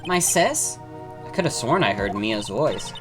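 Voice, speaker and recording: A woman voicing a cheerful young female assistant in a video game, bright and teasing. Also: very deep voice, very animated, a little slow, music in the background, full character voice. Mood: curious.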